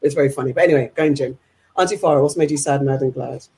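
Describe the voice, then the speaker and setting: A man co-hosting a podcast, telling stories in quick, animated casual chat. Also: medium pitch. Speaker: podcast co-host.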